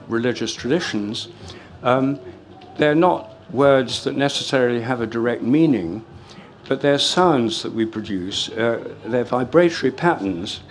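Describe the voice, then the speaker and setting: Older man lecturing, measured with fillers. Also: mid-range voice, slight background noise. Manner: measured and explanatory, with frequent fillers and restarts. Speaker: speaker giving a talk. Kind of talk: lecture to a live audience. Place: hall or lecture room with an audience.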